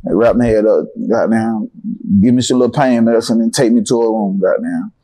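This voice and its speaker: Animated young man from Atlanta. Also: lowish voice, a little fast. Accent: Atlanta Southern. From Atlanta, Georgia. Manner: animated, profane storytelling with acted-out dialogue. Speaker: interview guest. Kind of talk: casual storytelling interview.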